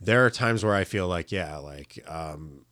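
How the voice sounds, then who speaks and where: A man's voice: low voice, measured pace, no echo, studio quality. A young adult man co-hosting a casual film podcast, telling stories and acting out movie quotes. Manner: animated storyteller, acts out quotes loudly. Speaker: podcast co-host.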